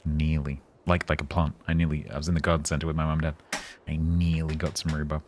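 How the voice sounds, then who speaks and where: Male streamer, very low voice, rambling self-mocking banter into a desk mic. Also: little pitch movement, quick pace, noisy background. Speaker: game streamer. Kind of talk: casual live-stream chat.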